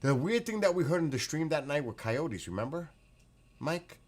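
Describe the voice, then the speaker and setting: A man hosting a casual livestream from his backyard at night, excitable, exclaiming and laughing often as he reads the chat. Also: on the high side, moderate pace. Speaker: livestream host.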